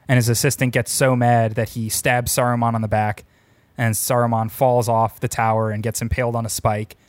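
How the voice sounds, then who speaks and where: A man's voice: medium pitch, level tone, a little fast, dry recording. Chatty man retelling movie scenes. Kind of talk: casual movie discussion.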